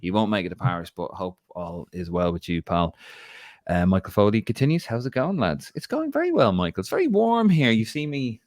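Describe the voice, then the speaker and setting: An Irish man with a deep, low voice runs a live show chat, cheeky and full of banter. The sound is close and dry, with no room around it. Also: very animated, a little fast, darkish tone, dry recording. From Ireland. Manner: chatty, cheeky, jokey banter. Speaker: podcast co-host.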